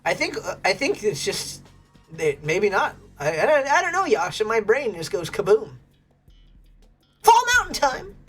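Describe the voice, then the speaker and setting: Soft music plays in the background as an American woman streams a game at a moderate pace. Her mid-range voice is very animated, and she chats with viewers in a casual, bubbly way, laughing often.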